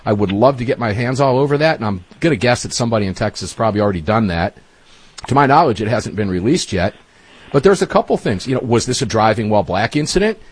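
A man's voice: lowish voice, lively intonation, fast, husky. A man hosting a talk radio show, emphatic and folksy, speaking straight to his listeners.

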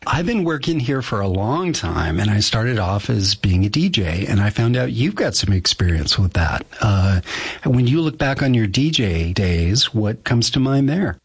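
A male radio host interviewing a guest and reading announcements in a calm, measured way. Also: lowish voice, breathy edge, no echo.

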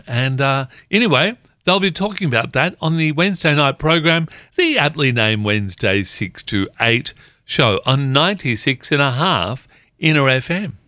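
Upbeat male radio host; unhurried, bright, very dry studio mic. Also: medium pitch, animated, no echo. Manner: playful, reading jokes aloud. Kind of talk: community radio show hosting.

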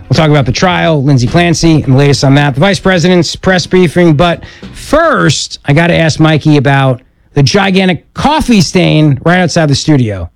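A man's voice: fairly high pitch, normal speed, vocal fry, no echo. A middle-aged man, a fill-in talk radio host, bantering and teasing his producer on air. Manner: joking, teasing. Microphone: studio microphone.

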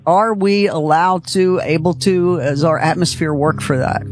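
A man hosting a late-night call-in radio show, chatty and quick to laugh, hurrying callers along. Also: a little high. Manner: chatty, laughs easily, rushes to wrap up.

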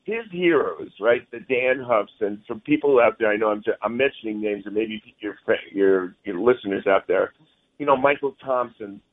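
A male guest musician with a lowish voice talks at normal speed in a phone interview. Friendly and rambling, he drops the word "man" a lot.

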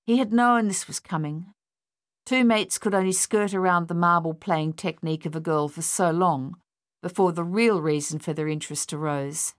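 A woman narrating an audiobook in a steady storytelling manner. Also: lowish voice, moderate pace, no echo, clean studio sound.

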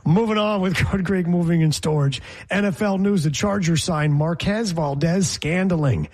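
A man with a high, husky voice hosts a sports talk show. He teases his partner and wanders into long, rambling stories. His tone stays loose and conversational. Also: moderate pace, darkish tone. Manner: teasing, rambling storyteller. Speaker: sports radio host. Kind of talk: casual sports talk banter.

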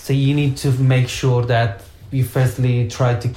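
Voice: medium pitch, flat delivery, brisk, warm tone, slight background noise. A therapist explaining in a casual chat, walking through advice step by step with everyday examples. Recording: echoey room.

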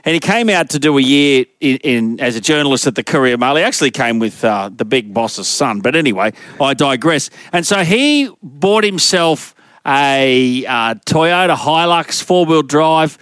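A man's voice: mid-range voice, moderate pace, dry recording. A man co-hosting a radio show, telling stories in casual banter. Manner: storytelling, animated. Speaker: radio co-host.

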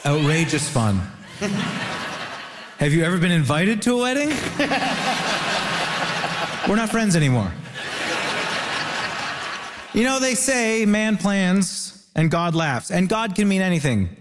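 A man from Ontario doing stand-up and panel banter in a wry, deadpan, self-mocking way. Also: high voice, slow pace, pauses often, long reverb tail, heavy background noise.

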